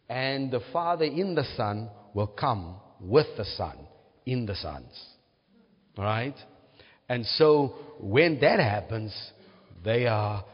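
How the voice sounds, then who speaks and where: Male preacher, slow lively teaching sermon, husky voice, muffled recording with long hall reverb. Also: medium pitch. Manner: teaching, asks "right?" to check understanding.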